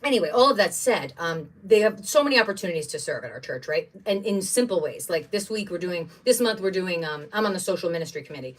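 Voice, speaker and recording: A middle-aged woman hosting a craft livestream, chatting in a rambling, excitable way while she unpacks supplies at home. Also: fairly low pitch, fast, hardly any pauses, distant mic. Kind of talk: casual chat while unboxing craft supplies.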